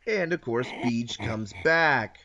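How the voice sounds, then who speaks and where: A man's voice: mid-range voice, lively intonation, takes it slowly, pushed and bright, dull audio. A man casually narrating his moves in an online card game, teasing his opponent and correcting himself as he goes. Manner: explains each move, playful taunts, frequent self-corrections. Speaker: host and card game player.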